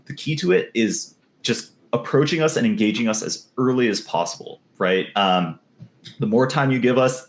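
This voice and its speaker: A man explaining his service in a casual podcast discussion, relaxed and peppered with "um" and "right?". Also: mid-range voice, reverberant. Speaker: game server service specialist.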